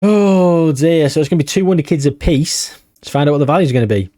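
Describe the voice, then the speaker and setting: A man commentating casually on his own video game session, chatty and wry, tired and thinking out loud. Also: a little high, fast talker, no room sound, clean studio sound. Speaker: gaming YouTuber.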